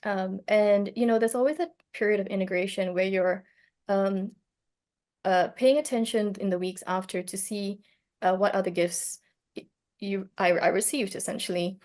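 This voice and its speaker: A woman telling a personal story in casual talk, reflective and hesitant, with many fillers and restarts. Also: medium pitch. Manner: reflective, gently animated when telling a story. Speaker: speaker on plant medicine.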